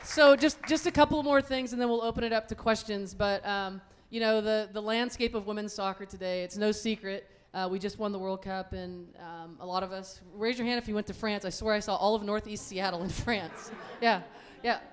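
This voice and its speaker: A woman moderating a live panel, speaking in a quick, chatty and joking way. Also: medium pitch, fairly even intonation. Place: event venue with audience.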